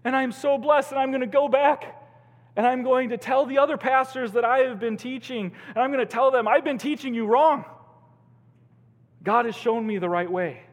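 Man playing a tearful grateful pastor, raised high voice, emphatic, stammering, long hall echo. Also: normal speed. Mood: overjoyed. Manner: emphatic, repeating himself with stammers. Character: tearful overjoyed male pastor, humbled and grateful.

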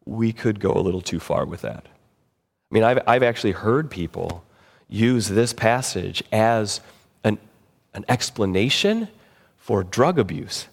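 A man preaching a sermon as pastor, animated, acting out quoted voices with big jumps in pitch. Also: unhurried, vocal fry. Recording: long hall reverb.

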